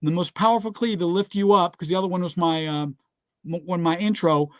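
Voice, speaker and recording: A man's voice: high voice, steady tone, brisk, a bit bright, dry recording, studio quality. A man giving a motivational speech built on scripture, talking emphatically and often telling listeners to write things down. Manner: repeats "guess what" and "all right". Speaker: motivational speaker.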